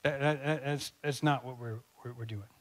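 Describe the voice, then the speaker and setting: A male pastor preaching a sermon, animated and conversational, acting out little scenes. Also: mid-range voice, moderate pace. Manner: animated, acts out dialogue, conversational asides.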